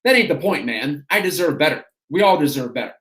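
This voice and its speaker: A man's voice: a little high, lively intonation, fast, fairly bright tone. A man voicing a brash male ballplayer who loves an audience and talks in swaggering slang. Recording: roomy echo.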